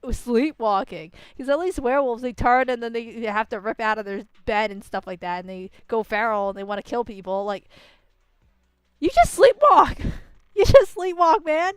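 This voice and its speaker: Woman game streamer, ranting commentary, crisp close voice, dry sound. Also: mid-range voice, fairly quick, hardly any pauses, dry recording. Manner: animated, ranting, swears a lot. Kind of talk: casual reaction commentary.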